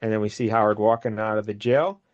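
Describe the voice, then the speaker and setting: A man's voice: on the low side, steady tone, fast, no room sound, muffled recording. A man co-hosting a comic book podcast, casually retelling the story with frequent laughs and brief acted lines. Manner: rambling, laughs often, acts out characters' lines. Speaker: podcast co-host.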